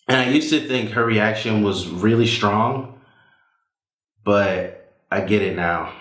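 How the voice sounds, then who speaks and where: A man with a low, deep voice tells a personal story on stage, easygoing and chatty, with frequent "uh"s and "like"s. His voice bounces around a roomy hall. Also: takes it slowly, pauses often. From Southern United States. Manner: relaxed, conversational with many fillers.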